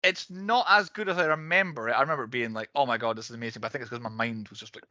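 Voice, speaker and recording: Bright-voiced man reviewing films. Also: mid-range voice, rapid-fire, no echo, muffled recording. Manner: chatty, laughs often, runs through categories. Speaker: podcast co-host. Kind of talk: casual film-review chat.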